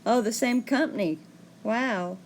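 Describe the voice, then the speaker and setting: A woman's voice: on the high side, unhurried, slight background noise. A woman hosting a casual livestream, chatting and answering viewer comments. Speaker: livestream host.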